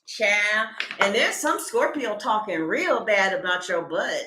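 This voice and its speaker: A woman doing a casual tarot reading to camera, animated and joking, laughing often and slipping into comic voices. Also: medium pitch, measured pace, reverberant, very noisy. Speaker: tarot reader.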